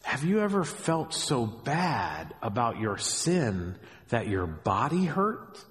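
A middle-aged man preaching a sermon as a pastor, animated, with joking asides, swinging between hushed and raised delivery. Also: medium pitch, slow pace. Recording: long hall reverb.

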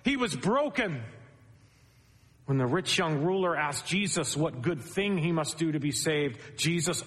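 A man delivers an expository sermon with a notably high voice. His voice rises sharply when he hammers home a point and drops low for asides. The sound carries a long reverb, like a large church hall. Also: lively intonation, a little slow, a bit bright. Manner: expository preaching, rising pitch for emphasis. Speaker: pastor.

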